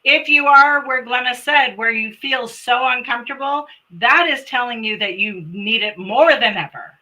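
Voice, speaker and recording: A middle-aged woman joins the live-stream as co-host and chimes in supportively. Her voice sits a little high and sounds very bright. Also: moderate pace, low-quality recording. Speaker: co-host, host's sister. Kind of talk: casual chat.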